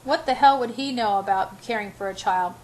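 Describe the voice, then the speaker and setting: A woman's voice: mid-range voice, fairly quick, rough recording. A woman narrating a romance novel in the first person as an amateur audiobook, with small slips and restarts.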